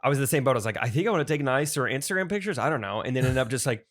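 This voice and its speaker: A man's voice: medium pitch, animated, very fast. A man in his thirties co-hosting a podcast, giving encouraging advice in casual chat and laughing along. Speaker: podcast co-host.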